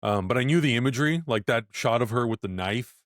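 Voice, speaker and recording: Male podcast co-host, animated and emphatic, lively intonation, dry sound. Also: mid-range voice, fast, dry recording. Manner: enthusiastic, animated, emphatic reactions. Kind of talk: casual film podcast chat.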